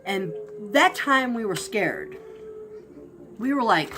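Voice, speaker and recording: A woman telling a spooky personal story in a casual, animated way, acting out barks and shouts. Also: mid-range voice, takes it slowly, faint music behind. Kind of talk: casual spoken ghost story.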